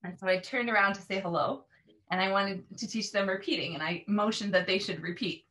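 A woman's voice: mid-range voice, fairly even intonation, a little fast, pushed and bright. A woman language teacher explaining her classroom method in an earnest, emphatic way. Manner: earnest, emphatic, models repeated words.

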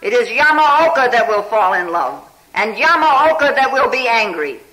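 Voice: mid-range voice, very animated, sharp tone, poor audio. A meditation teacher giving a conversational spiritual talk, telling a Zen story and often checking in with the listeners with a questioning "hmm?" or "huh?". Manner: unhurried and conversational, full of "you know".

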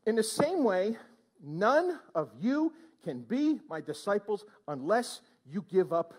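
A man's voice: sits high, big pitch swings, takes it slowly, a little mellow. A male pastor preaching a sermon in church, exclaiming and prodding the congregation with questions.

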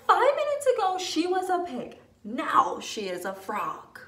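A woman voicing a curious, easily alarmed young male elephant in a children's storybook reading, asking slow, wondering questions. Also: extremely high pitch, huge pitch swings, fairly bright tone, voice pushed up, full character voice. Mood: astonished. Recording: echoey room, distant mic.

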